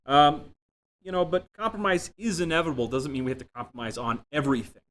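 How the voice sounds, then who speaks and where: A man giving a software development talk, telling self-deprecating stories with jokes. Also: on the high side, quick pace, a little hiss or hum. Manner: self-deprecating, jokey storytelling. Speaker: conference speaker. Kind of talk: tech talk with anecdotes. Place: room without a live audience.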